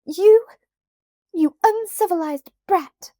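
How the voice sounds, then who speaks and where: A woman voicing a haughty, spoiled young girl who talks in a shrill, scornful way. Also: unhurried, dark tone, dry recording, studio quality. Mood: furious.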